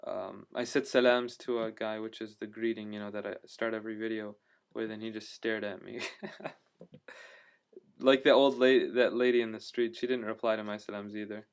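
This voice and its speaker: A man's voice: lowish voice, fairly even intonation, normal speed, clean tone. A man telling a travel story in a casual video diary, rambling with lots of fillers and restarts, enthusiastic about what he saw. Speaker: travel vlogger.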